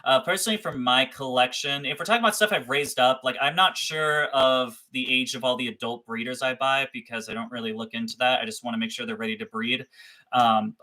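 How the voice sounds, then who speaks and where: A man's voice: medium pitch, pushed and bright. A young man chatting casually on a livestream about his reptiles, rambling, swearing freely and laughing at himself. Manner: rambling, profane, self-deprecating. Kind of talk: casual live-stream chat.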